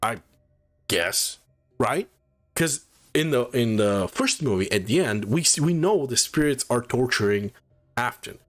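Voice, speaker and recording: A man's voice: mid-range voice, expressive, a little slow, faint music behind. A man giving a casual spoiler review of a movie, swearing often and sounding incredulous as he rambles.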